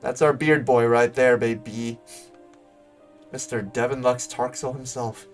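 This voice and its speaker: A man's voice: medium pitch, fairly even intonation, a little slow, faint music behind. A man streaming a game live, making joking self-deprecating asides between dialogue.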